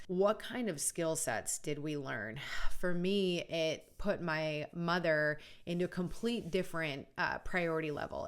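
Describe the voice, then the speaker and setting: A middle-aged woman hosting an educational video, talking earnestly and conversationally and often checking in with "right?". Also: fairly low pitch. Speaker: college funding educator and channel host. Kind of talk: casual educational video talk.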